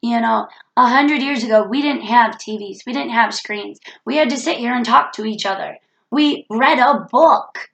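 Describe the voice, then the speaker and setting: Woman, has a cold, earnest self-help vlog, gravelly fry, echoey room. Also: on the high side, normal speed, fairly bright tone. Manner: earnest, preachy, repeats key phrases. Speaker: vlogger.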